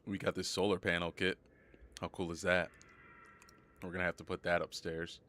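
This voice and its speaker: A hoarse, sick young man streaming live gameplay, chatting casually and rambling, often repeating himself. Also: low-pitched, flat delivery, normal speed, sharp tone. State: hoarse from a cold.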